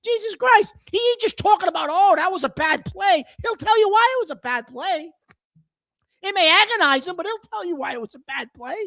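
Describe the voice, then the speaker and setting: High-voiced rambling sports talk man. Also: expressive, a little fast, vocal fry, pushed and bright, no room sound, studio quality. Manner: rambling and self-deprecating, with repeated restarts. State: coughing and clearing his throat. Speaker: sports talk show co-host. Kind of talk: casual sports chat.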